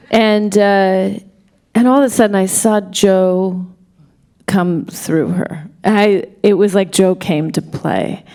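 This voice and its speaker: A woman director answering questions at a live panel Q&A, speaking in an excited, tumbling way full of restarts and self-corrections. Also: mid-range voice, clear, resonant tone. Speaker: film director, guest at a Q&A. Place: stage at a film festival event.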